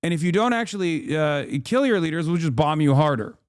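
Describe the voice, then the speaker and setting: A man's voice: a little high, animated, a little fast, clean tone, no room sound. A man in his thirties doing live political commentary as a streamer, sarcastic and profane, ranting on a close mic.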